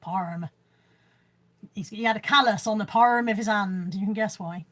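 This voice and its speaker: Selling boot sale finds on a livestream filmed with a phone camera, a middle-aged Bristolian woman from Bristol, England, reads out viewer comments and jokes at her own expense in relaxed chat. She speaks a little fast in a mid-range, fairly bright voice.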